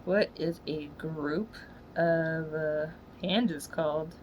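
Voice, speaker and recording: A woman ranting in a profane, slangy monologue, swinging from low muttering to loud yelling. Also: steady tone, slow, slight background noise, low-quality recording. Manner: swears constantly, slangy. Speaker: solo podcaster.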